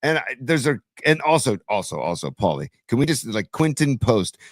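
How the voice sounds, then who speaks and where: A man co-hosting a casual sports podcast, excitedly rambling and saying "dude" a lot. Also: mid-range voice, normal speed, no echo, clean studio sound. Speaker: podcast co-host.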